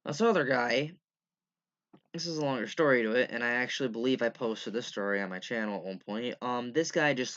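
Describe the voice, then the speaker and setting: A man's voice: mid-range voice, lively intonation, normal speed, fairly bright tone, lo-fi sound. A young man giving a rambling, profane, exasperated casual rant over gameplay as a gaming YouTuber.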